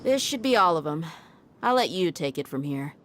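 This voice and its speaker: Low-voiced easygoing desert mercenary. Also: female voice, moderate pace. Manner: relaxed, confident, laid-back drawl. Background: game music.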